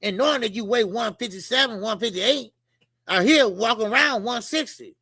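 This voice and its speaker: A man hosting a boxing talk show, ranting casually and profanely in a rambling, animated way. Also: sits high, normal speed, husky, no room sound, clean studio sound.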